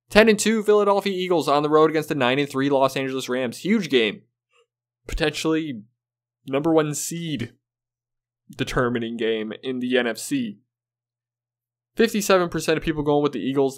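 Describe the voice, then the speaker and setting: A man hosting his own video of football game predictions, talking casually and bluntly, swearing and sounding fed up. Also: mid-range voice. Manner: blunt, profane, exasperated. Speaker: sports video host.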